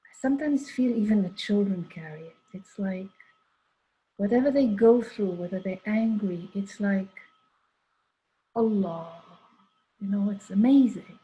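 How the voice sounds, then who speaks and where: An older woman speaks a little slowly in a dark, mid-range voice, leaving long pauses as she rambles through a personal story. She fills it with asides and quoted dialogue, and the recording is dull and lo-fi.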